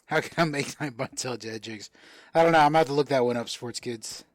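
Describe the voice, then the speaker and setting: A man's voice: medium pitch, fast, dry recording, clean studio sound. A man from South Florida hosting a casual live-stream card sale, chatting and answering viewer comments as he goes. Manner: chatty, reads out and answers viewer comments while selling cards.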